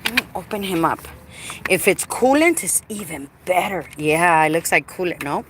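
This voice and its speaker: Working on her car outdoors, a vlogger chats casually with her viewers on a live stream, playful and talkative. Her voice is on the low side with lively intonation at a normal speed. The outdoor recording has clear background noise.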